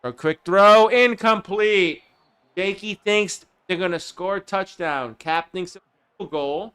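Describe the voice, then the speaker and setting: A man with a high, smooth voice and slow delivery live-streams a football video game, calling plays and chatting with viewers. He bursts into excited play calls, then drops to quiet asides, sometimes drifting away from his desk mic.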